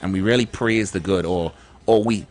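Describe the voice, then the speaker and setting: A man co-hosts a radio show in a loose, chatty way, circling back and repeating his words as he talks. His voice sits low. Faint music plays underneath. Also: brisk, darkish tone. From Trinidad and Tobago. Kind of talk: casual radio chat.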